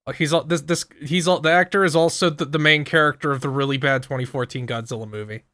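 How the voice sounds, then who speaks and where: A man's voice: fairly high pitch, fairly even intonation, quick pace, pushed and bright, dry recording. A man co-hosting a podcast, adding sarcastic movie trivia in casual chat. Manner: dry sarcastic trivia asides, swearing. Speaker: podcast co-host.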